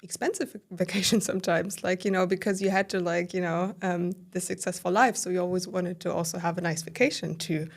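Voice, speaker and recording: A woman's voice: fairly low pitch, fairly quick, vocal fry, few pauses. A woman guest on a podcast, talking candidly about her own experience, full of fillers and quoting her own inner thoughts. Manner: animated retelling with quoted inner dialogue, filler-heavy. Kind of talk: candid conversational storytelling.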